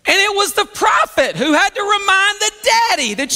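A man preaching a sermon in an animated, conversational storytelling way. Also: very high voice, moderate pace. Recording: long hall reverb.

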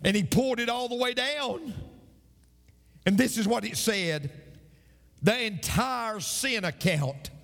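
A male pastor delivering an emphatic sermon, with dramatic pauses and repeated phrases. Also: high voice, animated, creaky, fairly bright tone, in a large hall.

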